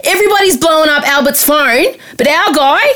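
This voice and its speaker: An Australian woman co-hosting a casual podcast, her slightly high voice leaping up and down as she tells stories. She swears freely and is animated throughout. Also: brisk. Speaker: podcast co-host. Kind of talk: casual chat.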